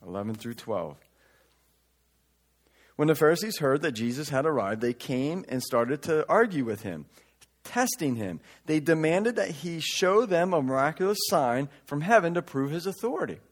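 A pastor with a high-leaning voice and big pitch swings preaches at a moderate pace in a conversational sermon. Between scripture readings and casual asides, he shifts from loud emphasis to quiet remarks.

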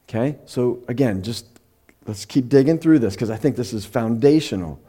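A middle-aged man preaching in a conversational sermon, who slows down to read scripture and at times gets emotional. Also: mid-range voice, expressive, mellow, husky. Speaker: pastor.

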